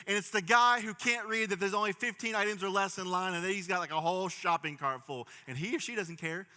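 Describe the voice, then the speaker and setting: Fast and barely pausing, this Pittsburgh preacher in his thirties delivers his sermon in a high, pushed, bright voice that's clear and resonant. Long hall reverb fills the large church as he spins stories, jokes and pulls the congregation in.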